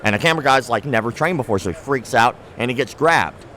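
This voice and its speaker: A man's voice: medium pitch, fast talker, slight background noise. A young man, a guest on a show, telling stories in a casual interview, acting out the people he quotes and swearing freely. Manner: animated storyteller who acts out quoted people, swears freely. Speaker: martial arts content creator, guest. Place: outdoors at a trade show.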